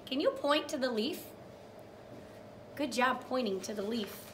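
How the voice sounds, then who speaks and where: A woman's voice: a little high, fairly bright tone, slight background noise. A young woman teacher reading a picture book to small children, sing-song and encouraging, praising each step and acting out animal sounds. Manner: drawn-out storytelling with animal sounds.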